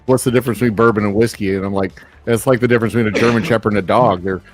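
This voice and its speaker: A man's voice: on the low side, fairly even intonation, racing, soft background music. A man from Texas who makes whiskey, hosting a casual live-stream chat in a laid-back, rambling way. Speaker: distiller and show host.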